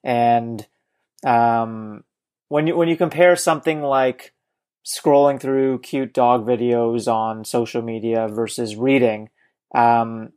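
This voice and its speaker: A man's voice: mid-range voice, steady tone, takes it slowly, a little mellow, smooth. Hesitant, thoughtful male podcast host. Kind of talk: interview questions.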